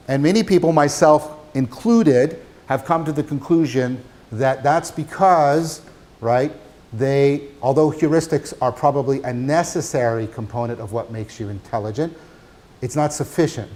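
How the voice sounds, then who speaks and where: A man giving a university lecture, animated, asking his class questions as he talks. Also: medium pitch. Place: lecture hall.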